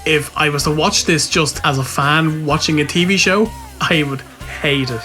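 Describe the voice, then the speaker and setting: A man's voice: on the high side, moderate pace, bright, forceful tone, soft background music. A man co-hosting a casual review podcast, laughing through loose, sweary banter. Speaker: podcast co-host.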